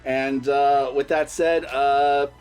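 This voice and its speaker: A young man hosting a casual review vlog, animated and swearing freely, nearly losing his voice. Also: medium pitch, takes it slowly, clear, resonant tone, faint music behind. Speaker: host.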